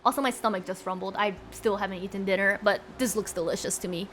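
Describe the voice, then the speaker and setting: A woman's voice: medium pitch, steady tone, quick pace, a bit bright, soft background music. A young woman streaming live, chatting casually and giggling with her viewers. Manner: giggly, bubbly, chats with viewers.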